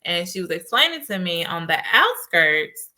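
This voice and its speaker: Casting: woman host, lowish pitch but bright tone, chatty storyteller. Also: normal speed. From United States. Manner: animated storytelling with laughs. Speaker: podcast host and life coach. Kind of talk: casual solo podcast talk.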